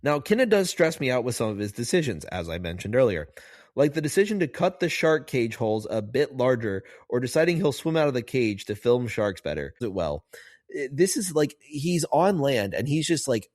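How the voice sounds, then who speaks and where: A man's voice: mid-range voice, very animated, moderate pace, a little mellow, no echo, clean studio sound. A man hosting a podcast, talking in a chatty, rambling way full of fillers. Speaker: podcast host, marine biologist. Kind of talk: casual podcast commentary.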